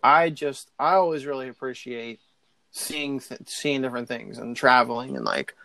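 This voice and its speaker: A man's voice: mid-range voice, animated, normal speed, vocal fry, pushed and bright, dry recording. A man in casual chat, rambling with many likes and ums. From Pittsburgh area.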